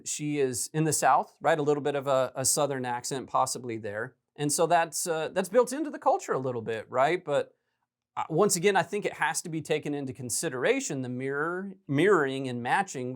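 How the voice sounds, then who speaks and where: A man hosting a recruiting podcast, talking through a call in a loose, conversational way and often checking in with "right?". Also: medium pitch. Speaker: podcast host. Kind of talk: podcast commentary.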